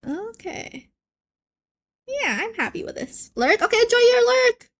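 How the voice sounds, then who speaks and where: A young woman runs a casual art stream, trading playful, animated banter with viewers while she draws. Her voice sits high, swings widely in pitch, and unfolds unhurriedly, with frequent stumbles and mid-sentence restarts.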